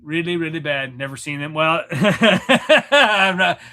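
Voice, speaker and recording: A man talks to his livestream viewers in a loose, wandering way, often joking about himself. His voice sits a little high and sounds bright and forward. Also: animated, slow. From Missouri, USA. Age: 40s. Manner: rambling, self-deprecating, joking. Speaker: livestream host chatting with viewers. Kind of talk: casual livestream chat. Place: room at home, in front of a mirror.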